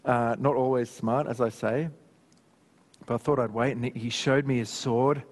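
Pastor preaching in an echoing hall. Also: male voice, medium pitch, normal speed. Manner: conversational, animated, with personal anecdotes. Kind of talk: sermon. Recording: long hall reverb.

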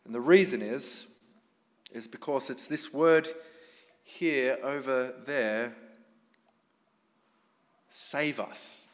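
A man's voice: medium pitch, extremely slow, long pauses. A man preaching a sermon to a congregation in a conversational way, often asking them questions. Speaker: pastor. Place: church hall with congregation. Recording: long hall reverb.

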